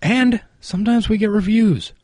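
A man's voice: high voice, normal speed, darkish tone, no echo. A man co-hosting a podcast in casual chat, dropping dry, teasing quips. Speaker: podcast co-host.

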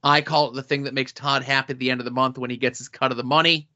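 Deadpan man on a lo-fi podcast. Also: medium pitch, fast. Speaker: podcast co-host. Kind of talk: casual podcast chat with sponsor reads. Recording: dull lo-fi audio.

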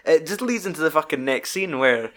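A man's voice: a little high, a little fast. A young man in casual film chat as podcast co-host, animatedly retelling scenes with lots of swearing. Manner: animated storytelling, sweary, quoting scenes in put-on voices.

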